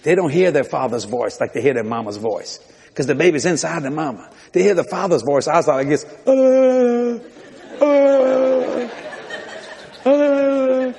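Older preacher in a reverberant hall. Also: male voice, mid-range voice, brisk, gravelly, darkish tone, slightly rough. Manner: folksy storytelling with laughter and mimicry. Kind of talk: sermon.

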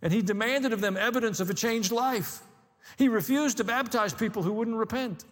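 A man with a notably high voice delivers a sermon from the pulpit, mixing dry asides with rising emphasis. His words ring out with a long reverb, as if in a large sanctuary. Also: moderate pace, a bit bright. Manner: conversational preaching with dry humor and rising emphasis. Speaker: pastor.

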